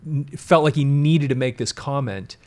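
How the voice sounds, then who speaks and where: A man's voice: mid-range voice, moderate pace, darkish tone. A man hosting a casual talk show, explaining at length with frequent restarts and emphatic asides. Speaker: podcast host. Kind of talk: casual conversational commentary.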